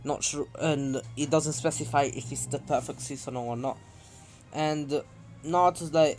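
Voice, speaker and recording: A young man casually telling a fan-fiction story, rambling with frequent self-corrections and throat clearing. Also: fairly high pitch, fairly even intonation, moderate pace, a little mellow, faint music behind.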